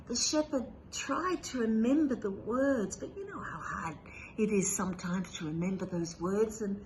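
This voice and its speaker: Woman telling a story at a service, gentle and expressive, kinda high voice, bit of hiss. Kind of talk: storytelling during a religious service.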